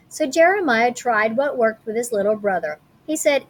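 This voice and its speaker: A woman teacher reading a picture book aloud to children in a playful, expressive way. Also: fairly high pitch, normal speed, few pauses.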